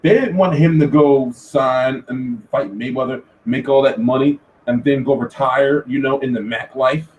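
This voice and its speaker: A man hosting a casual commentary show, talking in an animated, profane rant. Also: medium pitch, moderate pace, few pauses. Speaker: host. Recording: echoey room, far from mic.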